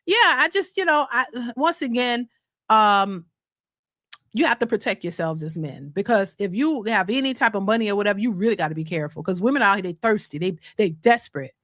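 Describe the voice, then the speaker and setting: A woman's voice: mid-range voice, lively intonation, a little fast, fairly bright tone, no echo, studio quality. A woman hosting a reaction channel, talking to her viewers in a sassy, emphatic, slang-filled way. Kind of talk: casual commentary to viewers.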